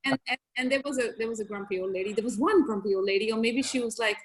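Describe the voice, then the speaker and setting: A young adult woman, a podcast guest, telling stories in a casual, animated way and laughing often. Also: medium pitch, quick pace, hardly any pauses. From grew up in several countries. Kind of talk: casual storytelling chat.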